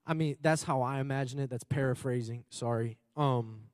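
A man preaching a sermon in a church hall on a mic. He is loud and excitable and swings between shouting and quiet asides. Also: mid-range voice, moderate pace, studio quality. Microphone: handheld or stage mic.

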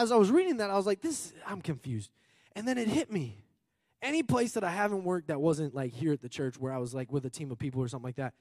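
Excitable, high-pitched young preacher. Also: male voice, no echo, studio quality, long reverb tail. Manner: loud and excitable, swinging from shouts to quiet asides. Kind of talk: sermon. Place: church hall. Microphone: handheld or stage mic.

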